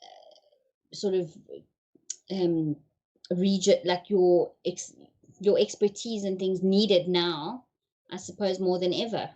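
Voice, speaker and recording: A woman's voice: on the low side, fairly even intonation, slow pace, long pauses, dark tone, highs cut off. A woman hosting an online interview, asking long questions and searching for her words as she goes. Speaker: host. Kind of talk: casual interview chat.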